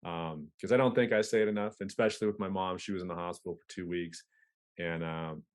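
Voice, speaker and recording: A man's voice: low-pitched, steady tone, fast talker. A man talking candidly as a podcast guest, casual and profane, with frequent restarts. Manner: candid, profane, stop-start. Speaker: podcast guest, police officer. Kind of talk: casual conversation.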